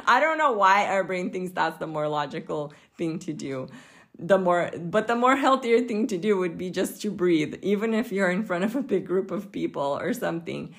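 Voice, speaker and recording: Chatty woman, slightly low voice. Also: expressive, normal speed. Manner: chatty and informal, with frequent fillers and light laughs. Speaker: podcast host. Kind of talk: casual health podcast monologue.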